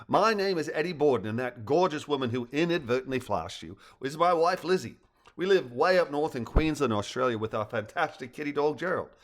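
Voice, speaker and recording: A man's voice: on the high side, animated, fairly quick, natural voice. A man voicing a hearty, jovial middle-aged husband from Australia in a storybook reading.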